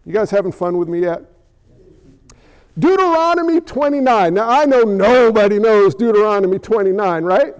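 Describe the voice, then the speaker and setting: A man's voice: high-pitched, lively intonation, normal speed, clear, resonant tone, highs cut off. A man preaching a sermon as pastor, talking conversationally and playfully while questioning his congregation.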